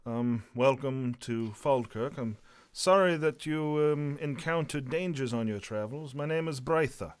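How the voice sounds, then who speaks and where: A man's voice: medium pitch, unhurried, clean tone, dry recording, pitched above the performer's own voice, natural voice. A man voicing a dignified female dwarf magistrate with a heavy dwarven accent, speaking formally and with some hesitation. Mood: welcoming, weary.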